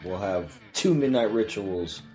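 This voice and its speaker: A man's voice: lowish voice, expressive, a little slow, a little mellow, soft background music. A man hosting a podcast in casual chat, laid-back and crude, laughing easily. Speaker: podcast host.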